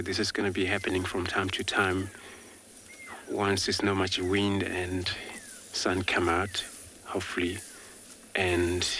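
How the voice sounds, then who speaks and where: Deep-voiced safari guide, relaxed. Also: male voice, slight background noise. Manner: relaxed, many filler words. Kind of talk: live wildlife commentary. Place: outdoors on a safari drive.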